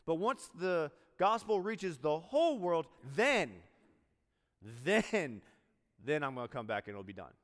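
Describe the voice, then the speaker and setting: A man's voice: on the high side, very animated, measured pace, long reverb tail. A man preaching a sermon as a military chaplain, in a conversational way, acting out quoted dialogue and restarting sentences.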